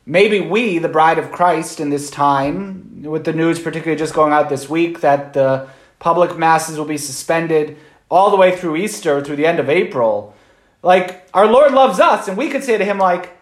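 A man's voice: fairly high pitch, normal speed, echoey room. A man, a Catholic priest, giving an informal Sunday homily in a conversational way, often checking in with "right?".

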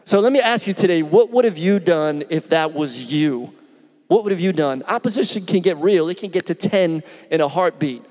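A middle-aged pastor from Philadelphia preaches a storytelling sermon with a voice pitched a bit higher than most men's. He talks in an animated, conversational way and asks the congregation questions as he goes. The sound rings out with a long reverb. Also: normal speed.

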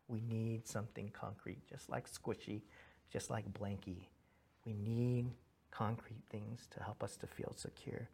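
A man in his thirties preaching a conversational sermon, earnest and animated, telling stories with restarts and asking "right?" along the way. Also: fairly low pitch, unhurried, gravelly, breathy edge. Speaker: pastor.

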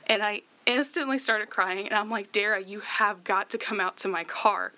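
Bright-voiced young woman telling a story. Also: medium pitch, normal speed. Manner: chatty, many fillers and laughs. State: tearful at times. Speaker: guest sharing her story. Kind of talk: emotional personal storytelling.

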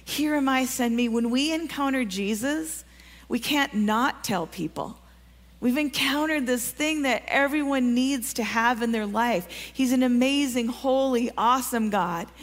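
Woman preacher, fairly high voice, earnest, encouraging, questions to the congregation, long hall reverb. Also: a little slow. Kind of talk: sermon. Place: church sanctuary.

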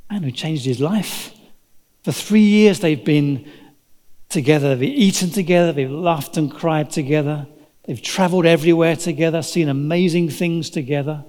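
A man's voice: a little high, unhurried, a little mellow. A man preaching a sermon, telling the story dramatically and acting out the voices of its characters. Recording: long hall reverb.

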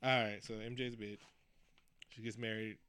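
A man's voice: fairly low pitch, level tone, normal speed, bright, forceful tone, smooth, no echo, clean studio sound. A man co-hosting a casual movie chat, ranting profanely and acting out mock quotes. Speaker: podcast co-host.

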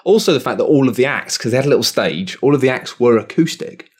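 A man's voice: medium pitch, fast, breathy edge. Sweary man telling a story. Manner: animated storytelling, heavy swearing. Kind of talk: casual chat.

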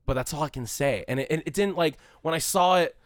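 A man from California co-hosting a casual movie podcast, rambling and swearing, loudly acting out the people he quotes. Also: a little high, fast, no echo, clean studio sound. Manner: profane, rambling, shouts when quoting people. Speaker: podcast co-host.

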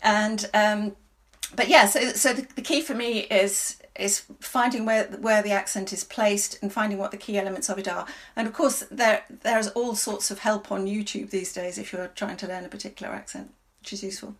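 A woman, a stage actress, talks through her work in a reflective, halting manner. She pauses, circles back and restarts phrases as she thinks. Her voice sits at an everyday middle pitch for a woman. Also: fairly even intonation. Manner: thoughtful, halting, many restarts. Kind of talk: interview answers.

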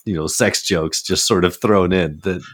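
A man's voice: deep voice, normal speed. A man co-hosting a film podcast, talking casually with plenty of "like" and "you know" fillers. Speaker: podcast co-host.

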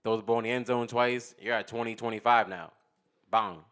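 A man co-hosting a sports podcast, talking in a relaxed, casual way. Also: medium pitch, a little fast. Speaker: podcast co-host.

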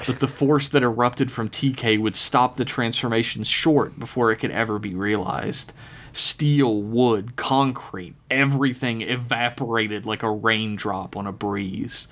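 A man reading a dark horror story aloud in a steady, measured narration. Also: medium pitch. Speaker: podcast storyteller.

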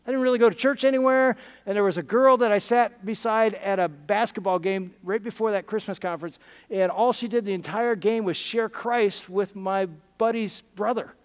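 A middle-aged man preaching a testimony sermon, telling his story and swinging from excited to hushed and emotional. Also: high voice, moderate pace, clear, resonant tone, long reverb tail.

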